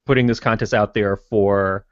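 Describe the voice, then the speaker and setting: A man's voice: on the low side, steady tone, normal speed, no echo. A man co-hosting a casual podcast, easygoing and hesitant, with many fillers. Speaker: podcast co-host. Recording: dull lo-fi dry sound.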